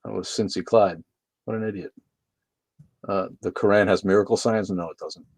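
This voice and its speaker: A man with a somewhat low voice runs a casual livestream from his room, reading viewer comments and firing back sarcastic, swearing jokes. The sound is dry and close, with no room echo. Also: steady tone, moderate pace, breathy edge. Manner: sarcastic, joking, swears freely. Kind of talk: casual profane livestream chat.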